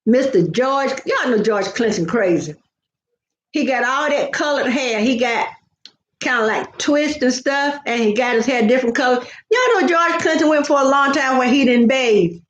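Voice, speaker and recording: Chatty older woman, high voice. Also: animated, moderate pace. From American South. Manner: chatty, playful, rambling with repeated words. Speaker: vlogger. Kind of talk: casual live-stream chat. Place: home. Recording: echoey, dull lo-fi home recording.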